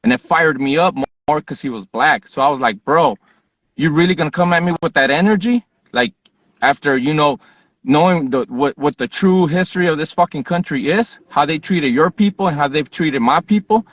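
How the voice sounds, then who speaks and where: A man from Southern California, hosting a podcast, telling a personal story in a casual, animated, profane way. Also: fairly high pitch, normal speed, no room sound, highs cut off. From Southern California, USA. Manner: animated, profane, fired-up retelling. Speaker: podcast host.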